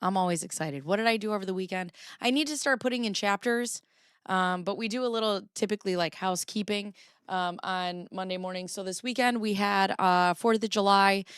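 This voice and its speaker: A woman's voice: medium pitch, brisk, fairly bright tone, clear, resonant tone, no echo, clean studio sound. A woman hosting a casual livestream, chatting in a rambling way, greeting her viewers and swearing now and then. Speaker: livestream host.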